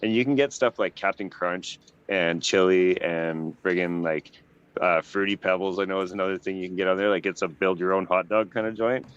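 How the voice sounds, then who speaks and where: Co-host, man from Canada, low voice, easygoing chatter, muffled call audio. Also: smooth. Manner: laid-back, laughs easily, chatty. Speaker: podcast co-host. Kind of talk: casual chat. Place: home, near a deck.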